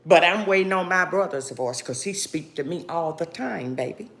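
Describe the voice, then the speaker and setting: A woman's voice: on the low side, animated, normal speed, fairly bright tone. A woman speaking straight to her viewers, grieving and angry, defiant and preachy, and calling them "baby" again and again. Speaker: vlogger. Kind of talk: emotional direct-to-camera monologue.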